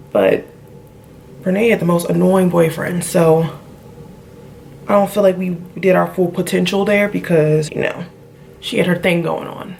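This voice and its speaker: A woman's voice: lowish voice, vocal fry, a little hiss or hum. A young woman with features chatting casually to viewers while doing her makeup at home, often trailing off mid-thought. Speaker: vlogger. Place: home room.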